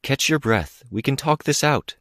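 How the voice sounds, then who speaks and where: A man's voice: medium pitch, expressive, normal speed, fairly bright tone, no echo, studio quality, voice pushed up. A man reading an audiobook, voicing a composed middle-aged mother who pleads earnestly with her daughter. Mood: coaxing. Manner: earnest, coaxing, insistent.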